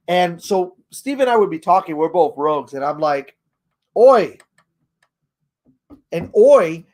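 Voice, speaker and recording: Sex: man. Role: tutorial host. Style: casual game-rules explainer. Pitch: high for a man. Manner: rambling, chuckling. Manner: rambling, chuckles often, trails off while searching.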